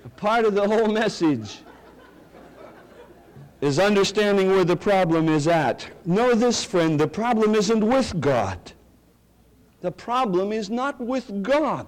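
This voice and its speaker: Speaking slowly in a high, animated voice, a middle-aged pastor preaches a sermon full of stories that build to emphatic declarations.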